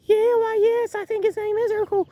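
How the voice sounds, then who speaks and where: Woman doing a very high, gushing old-fashioned girl. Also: level tone, moderate pace, mellow, dull audio, a little hiss or hum. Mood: coy. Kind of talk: amateur comedy skit acting.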